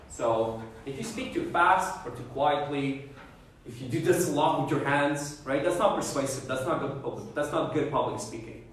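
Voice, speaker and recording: Lecturing man in an echoey room. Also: medium pitch. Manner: explains with repeated checks like "okay?" and "right?". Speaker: debate lecturer. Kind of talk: classroom lecture. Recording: echoey room, voice far from the mic, faint background noise.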